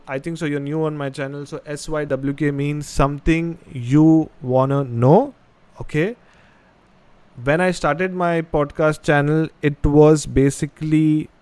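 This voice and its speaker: A man's voice: mid-range voice, darkish tone, clean tone, dry recording. Indian man hosting a casual live stream. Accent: Indian English. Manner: chatty, reads viewer comments aloud. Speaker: podcast host.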